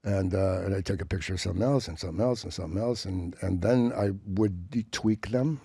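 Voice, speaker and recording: Gravelly guy rambling thru stories on a podcast, swears a lot, makes little beep boop noises, dry close mic. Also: sits low, brisk, warm tone, no echo. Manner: rambling, profane, full of restarts and sound effects. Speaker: actor, podcast guest. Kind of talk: casual storytelling chat. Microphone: studio mic with headphones.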